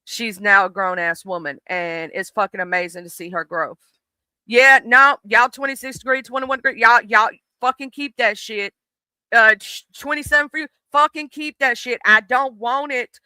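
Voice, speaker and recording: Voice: medium pitch, moderate pace, smooth, no room sound, poor audio. A streamer in their late thirties, chatting casually and animatedly with a live audience, swearing freely. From southern United States. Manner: animated, profane, talks straight to the chat.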